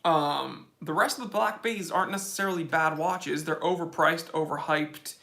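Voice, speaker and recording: A young man hosts a casual live Q&A straight into his phone, fielding chat questions one after another. His voice sits a touch high with a gravelly edge and a bright, forward tone. He is blunt and opinionated, tossing in casual slang as he goes. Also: normal speed. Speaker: watch channel host.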